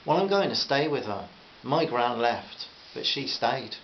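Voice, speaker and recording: A thoughtful young woman with a Liverpool accent, earnest and musing, as a male reader puts her on. The voice keeps a gravelly edge. The recording is slightly dull with a faint hiss. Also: mid-range voice, sing-song, unhurried.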